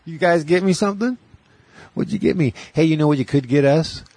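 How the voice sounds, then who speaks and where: A man's voice: fairly high pitch, a little fast, darkish tone, no echo. A man hosting a casual chat who tells rambling stories and acts out the voices in them. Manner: rambling storyteller, acts out quotes.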